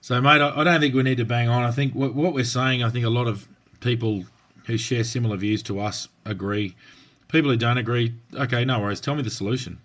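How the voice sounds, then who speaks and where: A man's voice: medium pitch, fairly even intonation, fairly quick, fairly bright tone. A man with an Australian accent, a former cop co-hosting a podcast, telling stories bluntly in colloquial slang. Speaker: podcast co-host, former police officer. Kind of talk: casual podcast chat.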